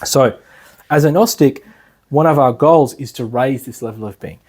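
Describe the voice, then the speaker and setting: A man's voice: medium pitch, normal speed, darkish tone, breathy edge. A man giving a class as an instructor, talking loosely with many fillers and restarts. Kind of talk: lecture.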